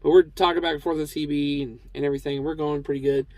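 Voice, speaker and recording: A truck driver telling a casual, rambling story, with lots of fillers and restarts. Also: male voice, fairly high pitch, little pitch movement, fast, darkish tone, no room sound, low-quality recording.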